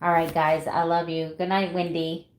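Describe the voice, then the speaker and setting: Woman in her 50s, keto vlogger, low-ish voice, chatty, laughs easily, roomy echo. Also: little pitch movement, moderate pace. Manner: chatty, laughs often, reads out viewer names. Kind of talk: casual livestream chat with viewers. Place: home room. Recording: echoey room.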